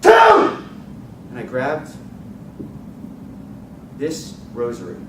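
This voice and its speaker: Male contest speaker, dramatic storytelling, expressive, distant mic, noisy room. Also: fairly high pitch, measured pace, echoey room. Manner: vivid, expressive storytelling with rising excitement. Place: contest hall stage.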